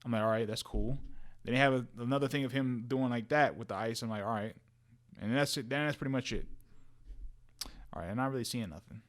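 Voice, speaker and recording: Slangy, animated male podcast co-host. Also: mid-range voice, fast talker. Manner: animated, slangy, repeats words and restarts often. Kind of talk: casual chat about movies and shows.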